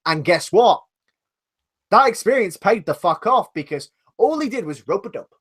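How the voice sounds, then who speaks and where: A man's voice: high-pitched, lively intonation, moderate pace, fairly bright tone, slightly rough. A man with a British accent co-hosting a live podcast, blunt, sweary and argumentative. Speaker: podcast co-host. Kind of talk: casual live podcast banter.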